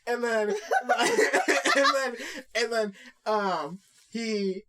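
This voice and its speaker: A woman co-host tells the story in a casual podcast chat. Her voice sits a little high, and she retells the scene in an animated way, playing out each quote as she goes. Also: drawn-out words. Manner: animated retelling, acts out quotes, laughs a lot.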